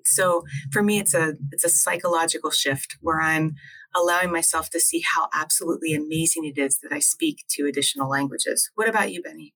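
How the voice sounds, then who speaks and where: Speaking a little fast, this low-voiced woman sounds steady, pushed and bright over a rough recording. She's a New Jersey acupuncturist co-hosting a relaxed video chat, wandering through her points and frequently starting over.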